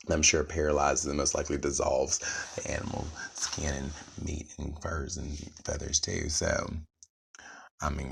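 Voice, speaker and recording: A man's voice: rumbling low, gravelly, slightly rough. A man rambling alone to camera, musing playfully and giggling between his thoughts. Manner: giggly, laughs between lines, playful and silly. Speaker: vlogger.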